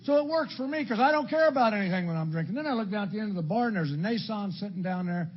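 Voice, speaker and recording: An older man from Illinois sharing his story at a recovery meeting, blunt and crude, with dark humor. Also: sits high, expressive, racing. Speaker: AA speaker. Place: meeting hall before an audience. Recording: dull lo-fi talk recording with faint background noise.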